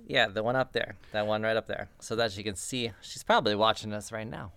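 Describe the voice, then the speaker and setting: A man running a tabletop game as game master, relaxed and dry. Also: on the low side, a little fast, creaky, smooth, no room sound.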